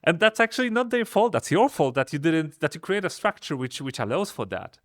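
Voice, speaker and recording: A man from Poland, a software company founder, talking through business lessons in a thoughtful, hesitant way, often restarting his sentences. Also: on the high side, big pitch swings, brisk, no echo, clean studio sound. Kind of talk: casual business chat.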